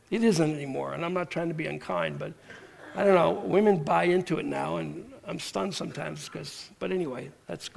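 A pastor preaching to his congregation in a high, gravelly voice. He talks plainly, then swells into loud, animated bursts. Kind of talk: sermon.

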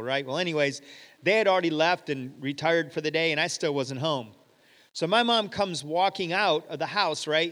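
A middle-aged man preaching a sermon, telling a story with rhetorical questions and animated quoting. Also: on the high side. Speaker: pastor. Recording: long hall reverb.

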